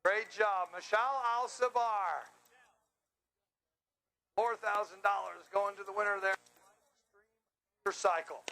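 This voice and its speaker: A man with a high, ringing voice works the winner's circle at an outdoor drag strip. He jokes, teases and hypes the racers into a handheld microphone, never losing his brash energy. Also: flat delivery, moderate pace, gravelly, pauses often, bright, forceful tone, low-quality recording. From Long Island, New York. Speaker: track announcer.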